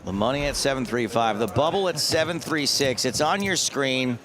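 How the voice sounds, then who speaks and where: A man's voice: mid-range voice, lively intonation, moderate pace, fairly bright tone. A man hosting live poker commentary in a playful, jokey way with silly asides.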